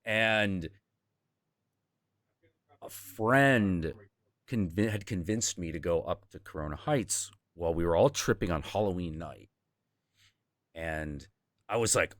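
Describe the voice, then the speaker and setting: A man hosting a casual stream, telling a story in a rambling, profane, animated way. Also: low-pitched, slow pace, pauses often, dry recording. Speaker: host.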